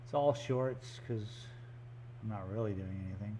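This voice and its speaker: A man's voice: on the low side, moderate pace, dark tone, slight background noise. A man chatting casually and joking in rambling asides while he paints live in an art gallery studio. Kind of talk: casual live-stream chat.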